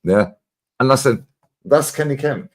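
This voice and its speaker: Animated host swearing through stories. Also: male voice, mid-range voice, unhurried. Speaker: channel host. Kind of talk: casual live chat.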